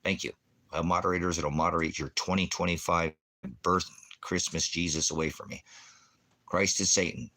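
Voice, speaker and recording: A man with a deep, low voice rants on a livestream, hurling profane insults at people in his chat. He mocks them with crude jokes, then cuts into talk about scripture. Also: level tone, moderate pace, pushed and bright. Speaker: livestream ministry host. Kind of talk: livestream rant answering chat.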